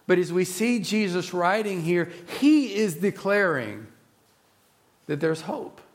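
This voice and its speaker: A man preaching a sermon in an earnest, reflective way, often dropping to a soft, low voice. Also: sing-song, takes it slowly.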